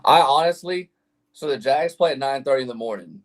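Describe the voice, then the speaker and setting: A man's voice: medium pitch, brisk. A man co-hosting a sports podcast, talking in a laid-back, slangy way. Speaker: sports podcast co-host and radio host. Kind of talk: casual sports talk.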